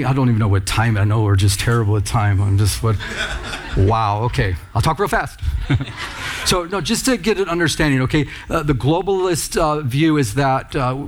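A man preaching a sermon in church, talking conversationally and with emphasis, calling out to the congregation. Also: medium pitch. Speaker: pastor.

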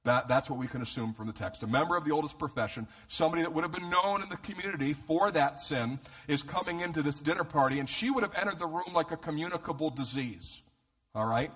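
Animated, joking male preacher, slightly high voice. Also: fast. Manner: animated, humorous, repeats words when starting phrases. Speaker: pastor. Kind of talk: sermon.

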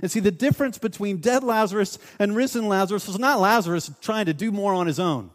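A man with a high, bright-pitched voice preaches with emphatic repetition and rhetorical questions. His voice rings out with a long hall reverb, as if heard in a church sanctuary. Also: quick pace. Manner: emphatic, repeats phrases, asks rhetorical questions. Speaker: pastor. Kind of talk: sermon.

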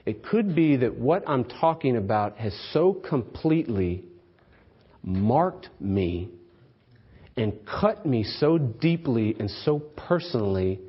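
Male pastor, mid-pitched, chatty sermon delivery full of rhetorical questions, on a slightly dull recording. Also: slightly rough.

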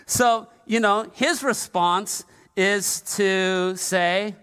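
High-voiced pastor in a reverberant hall. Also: male voice, extremely slow, a bit bright, clean tone. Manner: conversational and humorous, with asides to the congregation. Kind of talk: sermon. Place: large church sanctuary. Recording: long reverb of a large hall.

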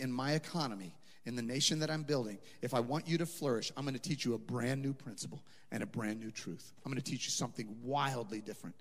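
A man preaching a sermon as a pastor, conversational and impassioned, rising to emphatic peaks. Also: medium pitch. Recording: long hall reverb.

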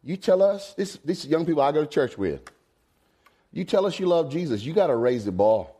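A man, preaching a folksy sermon. He swings from low asides to high, emphatic exclamations. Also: sing-song, brisk, mellow, slightly rough. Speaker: pastor.

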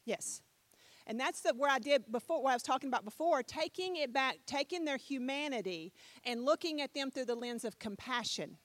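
A middle-aged woman preaching a sermon, telling a story with animated swings between loud and soft and putting questions to her listeners. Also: high voice, brisk, no echo. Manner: talks with the audience, asks them questions.

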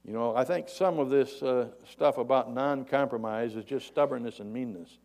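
Folksy older male preacher, gravelly voice. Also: moderate pace. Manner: folksy, rambling, raises pitch and volume to act out yelled dialogue. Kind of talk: sermon with a told joke.

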